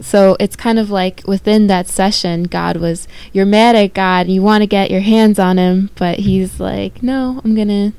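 Smooth-voiced woman co-host musing quickly. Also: medium pitch, fairly even intonation, a little mellow, no echo. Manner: quick, amused reflection. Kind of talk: casual chat.

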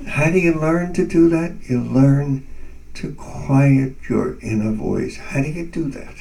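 A man shares a personal faith testimony in an interview, earnest and animated. His voice has a gravelly texture and sits a little back from the microphone. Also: mid-range voice, unhurried, recorded from a distance, low-quality recording. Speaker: guest.

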